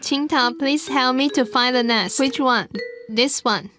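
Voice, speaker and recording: A cheerful female teacher in a dubbed TV drama, speaking high and slow as she coaches her class. She is patient and encouraging and has the students echo each word. Music plays beneath her lines. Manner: patient, encouraging, repeats words for learners to echo.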